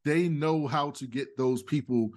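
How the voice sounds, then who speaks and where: A man co-hosting a podcast in casual chat, relaxed and hedging his points with frequent fillers. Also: fairly high pitch, a little slow. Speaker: podcast co-host.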